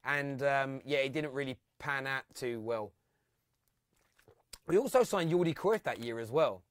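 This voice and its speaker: A man's voice: medium pitch, unhurried, no room sound, clean studio sound. A man hosting a live football phone-in, chatting with callers and reading out fan comments and stats.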